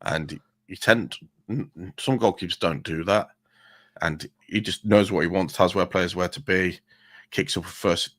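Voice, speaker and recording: A man talking football casually, animated and sweary, calling his co-host "mate". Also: low voice, normal speed, no room sound. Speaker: podcast co-host.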